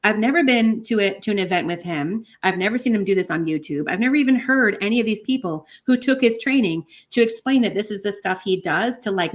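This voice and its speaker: A woman, a podcast guest, telling a personal story in an animated way with many fillers. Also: medium pitch. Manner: animated, many fillers like 'like' and 'you know'.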